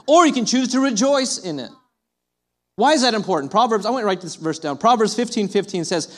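A man preaching a sermon as a pastor, animated, often acting out the voices of his listeners. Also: high voice, brisk.

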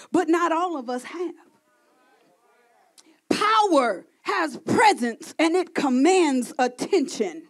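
A woman preaching a sermon to a congregation, calling out to the crowd and building to shouts. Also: extremely high pitch. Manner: call-and-response preaching, rising to shouting.

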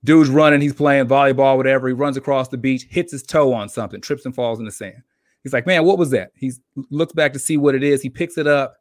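Man, podcast co-host, casual chat, animated storyteller, mid pitch, dry close sound. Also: a little fast, no echo. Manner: animated storyteller acting out characters.

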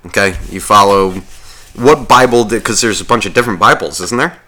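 Speaking a little fast in a bright, forceful tone, a man co-hosting a podcast spins crude, rambling tales. He curses frequently and mimics other people using high voices.

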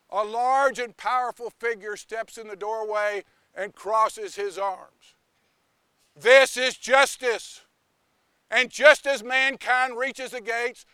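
A male preacher telling a sermon story in an animated, theatrical way. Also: very high-pitched, clean tone, dry recording.

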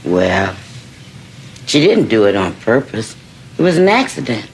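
An actor playing a calm, reassuring foster father in an old sitcom clip with faint background noise. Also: on the low side, unhurried. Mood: gentle. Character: gentle older man, fatherly and reassuring. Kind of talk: sitcom acting.

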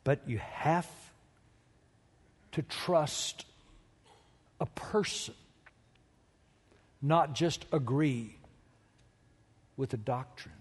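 A man preaching a sermon as pastor, slow and emphatic, swelling to loud climaxes. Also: mid-range voice, slightly rough. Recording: long reverb of a large hall.

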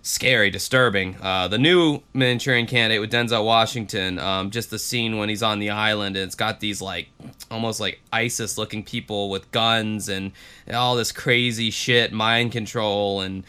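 A man co-hosting a podcast in casual chat, blunt, profane and animated. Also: fairly low pitch, normal speed, clean tone. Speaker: podcast co-host.

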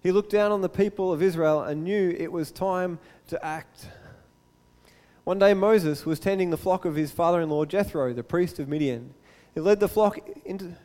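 A man preaching a sermon as a pastor, telling the story in a lively way and acting out the scenes. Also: fairly high pitch, in a large hall. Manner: animated storytelling, acts out the scene.

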